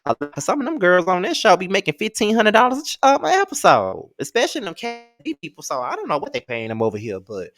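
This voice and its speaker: A man dishing on a reality show in a loose, gossipy recap, his pitch swinging widely as he goes from flat asides to exasperated peaks. He talks bluntly, swears freely and drops sassy asides, close to the mic in a dry, dead sound. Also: fast talker, few pauses, no room sound, soft background music. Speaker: TV recap host.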